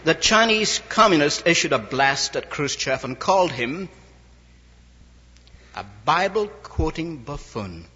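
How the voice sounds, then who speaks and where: A man delivering a sermon in a somewhat high, animated voice with a husky edge, acting out each exchange in his stories. The sound is dull and lo-fi, with a long reverb from a large hall. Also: unhurried. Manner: storytelling, quoting others in dialogue. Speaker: preacher. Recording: lo-fi old recording in a reverberant hall.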